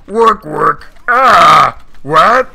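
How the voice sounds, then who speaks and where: Man doing a high, loud, simple-minded orc laborer from a strategy game; gruff, grumbling, broken grammar. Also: expressive, drawn-out words, a little hiss or hum, heavily acted. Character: grunting dim-witted orc worker peon.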